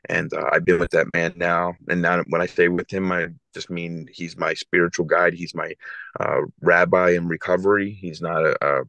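Deep-voiced man telling a raw story. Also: level tone, gravelly, bright, forceful tone, dry recording. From South Philadelphia, USA. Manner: earnest, halting, repeats himself. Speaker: podcast guest. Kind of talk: emotional personal storytelling.

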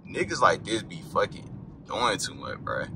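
A man's voice: low voice, sing-song, moderate pace, creaky. A young man rambling casually as he films a night drive in his car, cursing and yelping at bumps. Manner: loose, rambling, cursing, with sudden yelps at bumps. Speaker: car vlogger. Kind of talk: casual driving vlog. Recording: faint car noise.

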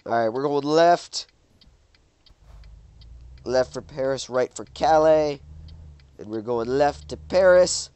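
A man's voice: medium pitch, takes it slowly, long pauses, darkish tone, smooth, dry recording. A man with a stuffed-up nose giving casual, rambling commentary while playing a driving game, often exclaiming at the road. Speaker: gaming YouTuber.

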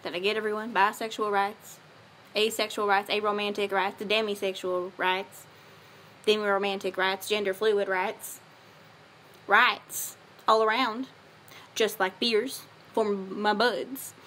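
A woman's voice: medium pitch, little pitch movement, measured pace, bright, forceful tone, slight background noise. A woman voicing a doting, stereotypical Southern father with a put-on Southern accent, giving earnest, tender affirmations. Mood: folksy. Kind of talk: comedic affirmation monologue.

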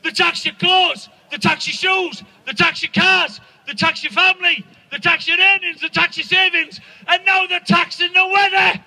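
A man doing stand-up to an outdoor protest crowd, ranting loudly and swearing, shouting his punchlines. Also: very high-pitched, fairly even intonation, moderate pace, hardly any pauses, rough recording. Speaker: stand-up comedian.

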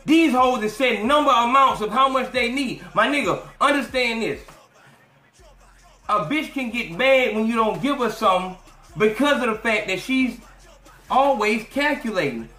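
Male podcast host, animated and profane, mocking tone, high voice, roomy echo. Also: normal speed, soft background music. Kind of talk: profane commentary rant.

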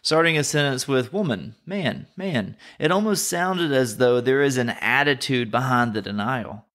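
A man's voice: medium pitch, moderate pace, a bit bright. A man from North Carolina with a Southern American accent, hosting a podcast and giving an earnest, reflective Bible teaching. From North Carolina, USA.

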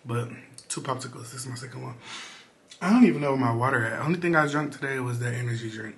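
A man's voice: medium pitch, fast talker. Candid, chatty man vlogging. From Detroit, Michigan. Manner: candid and chatty, with bursts of excitement. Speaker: vlogger and small business owner. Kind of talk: casual vlog talk to camera.

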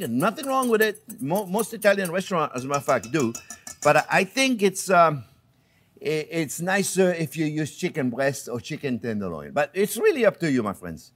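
Older french guy cooking on his channel, animated sing-song voice, chatty, keeps saying friends. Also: on the high side, a little hiss or hum. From France. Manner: chatty, repeatedly calls viewers friends, laughs at himself. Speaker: cooking show host. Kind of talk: casual cooking demonstration.

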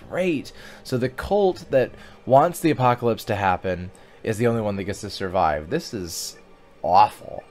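A man hosts a casual gaming video, chatting, reacting aloud, reading in-game text as he plays, and singing bits of songs. His voice is low and expressive, at a moderate pace.

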